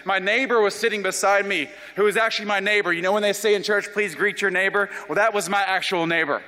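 A young man from South Carolina, telling his life story as an animated, self-deprecating testimony. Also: high-pitched, fast. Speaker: speaker giving a personal testimony. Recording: long reverb of a large hall.

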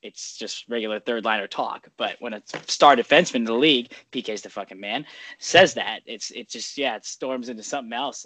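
A man's voice: mid-range voice, fairly bright tone, no room sound. A man hosting a podcast in casual chat, rambling along, swearing freely and laughing often. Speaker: podcast host.

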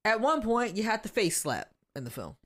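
A woman co-hosting a podcast in casual chat, animated and frank, laughing often and speaking. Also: medium pitch, a little fast. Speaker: podcast co-host.

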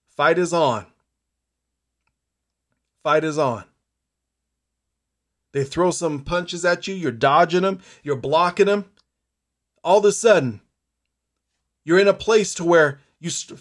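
A man giving a motivational speech, telling a story in the second person with dramatic repetition. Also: sits high. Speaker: motivational speaker.

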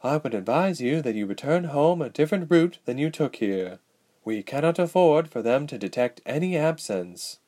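Man voicing a calm woman rebel leader. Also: fairly high pitch, pitched above the performer's own voice. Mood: earnest. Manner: measured, advising.

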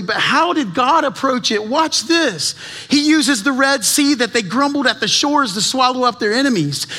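A man's voice: extremely high pitch, pushed and bright. A man preaching a sermon as teaching pastor, earnest and full of rhetorical questions, often repeating words as he presses a point.

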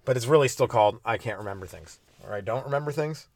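A man's voice: mid-range voice, fast, no echo, studio quality. A man hosting a solo comedy podcast, riffing loosely on his own jokes, swearing, laughing at himself and slipping into silly voices. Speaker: stand-up comedian and podcast host. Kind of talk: rambling solo comedy riff.

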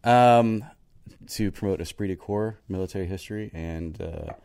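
An American man with a very low voice, telling stories in a loose, playful way. He jokes around and fills his talk with ums and restarts. He sounds like a co-host on a relaxed chat show. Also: normal speed, creaky, clean tone. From United States. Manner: joking, playful, rambling with fillers. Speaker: podcast co-host, army veteran. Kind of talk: casual chat, storytelling.

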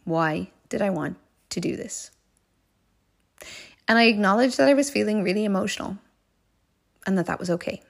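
A woman with a gravelly, fry-edged voice, talking through a personal story for her podcast. She sounds earnest and heartfelt, circling back over key phrases, and at times drops into soft, breathy asides. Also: mid-range voice, moderate pace, pauses often. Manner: earnest and heartfelt, often repeating phrases for emphasis. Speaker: life coach podcast host.

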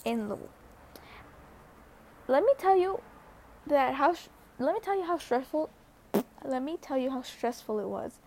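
Young woman, high pitch, casual rambling vlog storyteller. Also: expressive, a little slow, pauses often, mellow, a little hiss or hum. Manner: chatty, rambling, with many fillers and restarts. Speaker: vlogger.

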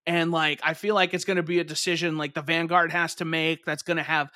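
A man's voice: fairly high pitch, little pitch movement, brisk, pushed and bright, dry recording, studio quality. A young man co-hosting a podcast in casual chat, rambling with lots of fillers and swearing freely.

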